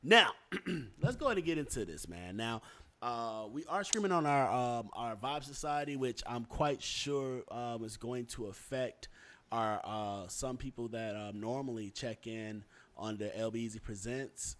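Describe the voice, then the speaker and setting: A man's voice: medium pitch, expressive, measured pace, fairly bright tone. Rambling man hosting a podcast. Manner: loose, rambling, many fillers and restarts. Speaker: podcast host. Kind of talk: casual podcast chat.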